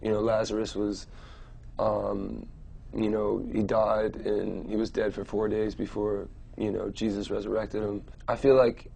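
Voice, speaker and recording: A young adult man answering interview questions casually, rambling and relaxed, with many fillers and restarts. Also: on the low side, unhurried, creaky, breathy edge. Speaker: musician being interviewed.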